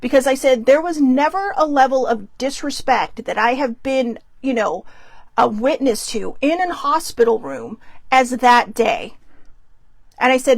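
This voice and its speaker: A woman's voice: high-pitched, unhurried, dry recording. A middle-aged woman, hosting a show and telling a story casually, bluntly and with profanity, acting out the people she quotes. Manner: blunt, profane, animated retelling with quoted voices. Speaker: podcast host.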